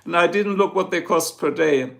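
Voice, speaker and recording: A middle-aged German livestream host speaks English with a clear German accent in a gravelly, somewhat high, fairly bright voice at normal speed. He rambles loosely in casual chat, repeatedly turning to address his viewers directly.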